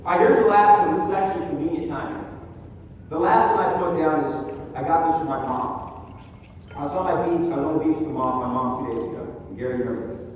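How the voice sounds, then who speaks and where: Young male motivational speaker on stage, slightly high voice, emphatic and repetitive, captured from a distance in a reverberant hall. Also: fast, a little hiss or hum. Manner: energetic, emphatic, repeats phrases for effect. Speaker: motivational speaker at a training event. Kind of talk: live motivational talk to an audience. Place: large hall with live audience. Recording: echoey hall, distant mic.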